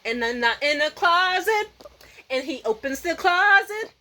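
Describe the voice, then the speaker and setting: A young woman vlogging at home at night, telling a story in a profane, animated rant and mimicking other people's voices. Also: extremely high pitch, measured pace, low-quality recording. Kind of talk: casual vlog rant.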